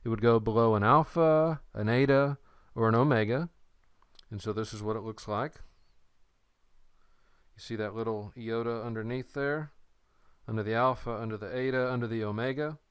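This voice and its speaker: A man's voice: mid-range voice, normal speed, pauses often, clear, resonant tone, no room sound. A man teaching an introductory Greek lesson, explaining patiently with playful memory tricks. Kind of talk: recorded lecture.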